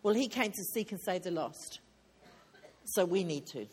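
Husky-voiced woman preaching earnestly. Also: fairly low pitch, animated, normal speed, a little mellow. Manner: earnest, conversational preaching with emphatic repetition. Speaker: speaker at a women's retreat. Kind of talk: sermon.

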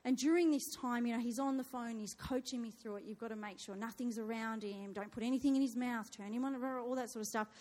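A woman's voice: fairly high pitch, steady tone, fast, hardly any pauses, a little mellow. A woman, telling a dramatic personal story to an audience and acting out her own panicked cries. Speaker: speaker sharing a testimony. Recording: long hall reverb.

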